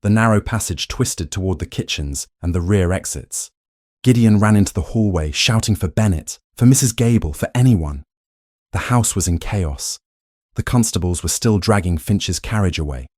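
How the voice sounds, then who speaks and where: A male narrator with a deep, low voice reads a romance story in a measured, dramatic way. The sound is dry and close to the mic. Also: expressive, darkish tone, no echo. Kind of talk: scripted romance audiobook narration.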